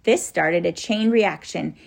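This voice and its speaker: A woman reading a children's story aloud in a lively way. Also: on the low side, measured pace, creaky. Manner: lively, acts out the characters.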